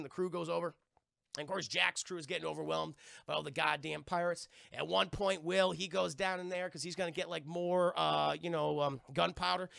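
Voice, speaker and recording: Man, streamer, rambling profane movie recap, very gravelly, bright edge, dry sound. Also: high voice, dry recording. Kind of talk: casual movie recap to chat.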